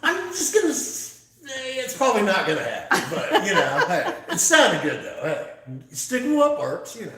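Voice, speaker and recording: A man's voice: extremely high pitch, wildly swooping pitch, normal speed, pushed and bright, slight background noise. A laid-back man joining a casual chat, often saying hey and man. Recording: very echoey, off-mic room.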